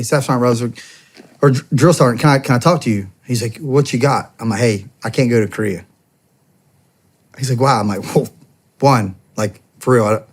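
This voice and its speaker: Here a US podcast guest in his thirties, who was once a soldier and later a police officer, tells a long, casual interview story in a slightly mellow mid-range voice. He rambles, peppering it with "I'm like" and quoted back-and-forth.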